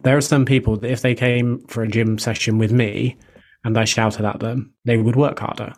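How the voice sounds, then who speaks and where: Flat-voiced man explaining nutrition. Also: medium pitch. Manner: measured, explanatory, even delivery. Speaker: fitness and nutrition coach. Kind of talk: podcast discussion, answering questions.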